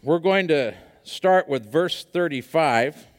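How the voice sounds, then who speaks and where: Lively, high-voiced male pastor. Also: takes it slowly, in a large hall. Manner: animated storytelling with many fillers. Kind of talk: sermon.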